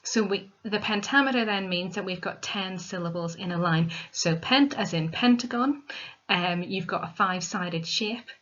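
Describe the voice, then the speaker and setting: A woman teacher giving a recorded literature lesson, explaining step by step in a clear, methodical way. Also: mid-range voice, moderate pace, a bit bright. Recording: dull lo-fi recording.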